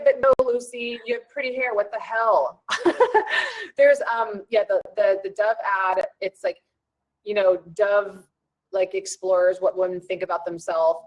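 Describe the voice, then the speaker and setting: A woman wellness coach hosting an online challenge, talking in a chatty, rambling and animated way with many fillers. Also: mid-range voice, measured pace, poor audio. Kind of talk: casual chat.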